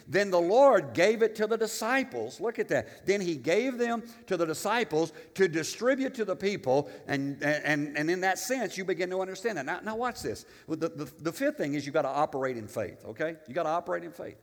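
A male pastor preaching a sermon, animated and emphatic, with humorous asides and storytelling. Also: high-pitched, brisk, hardly any pauses, in a large hall.

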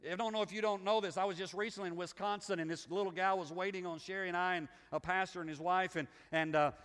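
A middle-aged man with a Southern US accent delivers a folksy, conversational sermon, circling back and restarting his phrases as he goes. His voice sits on the higher side for a man. The sound carries a long reverb tail from a church sanctuary. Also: steady tone, fast talker, a bit bright. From Southern United States. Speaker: pastor.

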